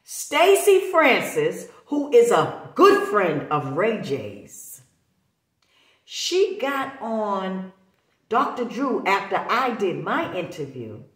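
Slow, emphatic woman in an echoey room. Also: medium pitch. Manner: insistent, preachy, repeats words for emphasis. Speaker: vlogger. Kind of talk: emphatic casual talk to camera. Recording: roomy echo.

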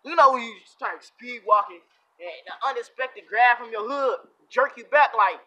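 High, bright-voiced young man telling a story. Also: normal speed, dull audio. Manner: animated, slangy, repeats catchphrases. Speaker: vlogger. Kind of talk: comic storytelling in slang.

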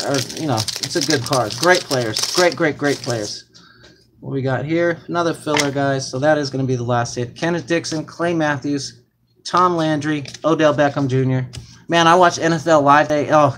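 Young male card-break host, excitable and chatty, slightly high voice. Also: moderate pace, noisy background. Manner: excited, hyped-up, talks to viewers as "guys" and "man". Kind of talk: live card break commentary.

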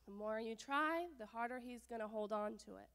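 A woman voicing a happy, loving sun in a children's story, gently reasoning. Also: on the high side, normal speed, clean tone, long reverb tail. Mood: patient.

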